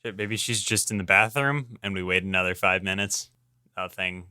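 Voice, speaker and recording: A man's voice: deep voice, fairly even intonation, moderate pace, sharp tone, a little hiss or hum. A man playing a tabletop game, speaking casually and hesitantly, with many fillers. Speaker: player.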